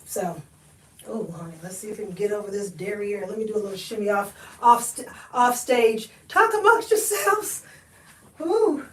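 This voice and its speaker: A woman's voice: mid-range voice, brisk, far from the mic. Chatty woman, slightly off mic. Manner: animated, chatty, calls viewers honey. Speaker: thrift haul livestream host. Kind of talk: casual livestream chat.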